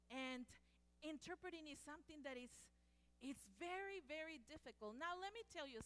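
A native Spanish-speaking woman with a notably high voice shares personal stories. She talks expressively and slips into the voices of the people she describes. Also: fairly bright tone. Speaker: speaker and former medical interpreter. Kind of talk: personal storytelling talk.

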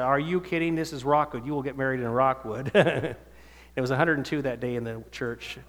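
A man's voice: a little high, a bit bright. A man in his fifties telling his life story to a church audience, acting out the voices of people in it. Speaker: speaker giving testimony. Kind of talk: storytelling sermon talk. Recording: long hall reverb.

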